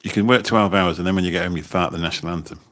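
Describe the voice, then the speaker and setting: The man speaks rapid-fire in a low, fairly bright voice, chatty and rambling with frequent repeated words. A taxi driver by trade, he reads comments on a casual livestream through his phone mic.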